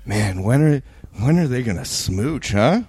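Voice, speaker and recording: A man's voice: medium pitch, animated, measured pace, a little mellow, slightly rough, dry recording, studio quality. A man joking casually with a friend while watching a film at home. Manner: joking, wry, chatty. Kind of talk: casual watch-along chat. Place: apartment in Brooklyn.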